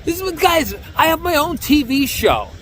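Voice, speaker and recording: Speaking at normal speed in a very high-pitched voice, this New York-accented man vlogs about bodyboarding near a beach. His rambling talk is boastful, jokey, self-mocking and animated, with slight hiss or hum in the audio.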